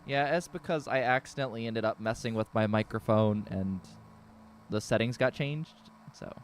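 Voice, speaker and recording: A man's voice: medium pitch, normal speed, a little hiss or hum. A man casually commentating a story game and joking with his chat. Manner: relaxed, joking and chatty with chat. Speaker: game streamer. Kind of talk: casual let's-play commentary.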